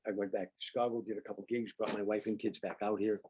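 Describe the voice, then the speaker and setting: An older man, a comedian guest, telling lively anecdotes in an interview and acting out the dialogue. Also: on the low side, quick pace, a little hiss or hum. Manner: animated anecdotes, acts out quoted dialogue. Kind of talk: storytelling interview.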